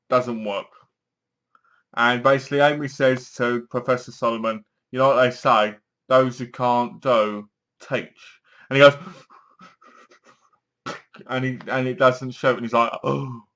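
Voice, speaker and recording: A young man giving a casual film review, retelling the plot in a rambling, animated way full of "so basically" and acted-out quotes. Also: medium pitch.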